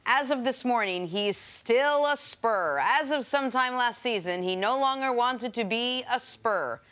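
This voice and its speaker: A woman moderating a sports talk show, reading segues in a brisk, announcer-like way. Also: fairly high pitch, a bit bright. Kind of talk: scripted show segues and casual chat.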